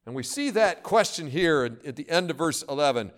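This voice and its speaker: A male preacher with a high, very animated voice. He preaches with fervor, reading scripture aloud and pleading with his listeners in rising, impassioned bursts. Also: fairly quick, hardly any pauses. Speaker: pastor. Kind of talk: sermon.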